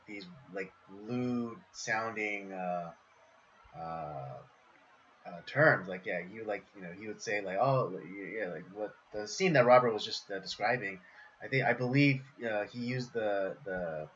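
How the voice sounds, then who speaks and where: A man co-hosting a podcast, talking casually about films in a hesitant, halting way. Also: on the low side, fairly bright tone. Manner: hesitant, halting, many fillers. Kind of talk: casual film review chat. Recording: dull lo-fi line with faint noise.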